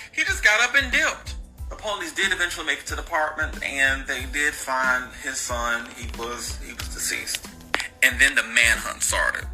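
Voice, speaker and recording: A man walks his viewers through a true crime case in loose, slangy talk, dropping sarcastic asides along the way. His voice is fairly high and very bright, and faint music plays behind him. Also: low-quality recording. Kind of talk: casual true crime storytelling.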